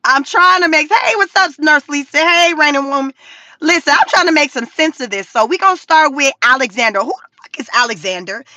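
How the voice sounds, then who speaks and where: A woman talking casually on a livestream, profane and animated, laughing often. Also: high-pitched, a little fast, dry recording. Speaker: YouTube commentary creator.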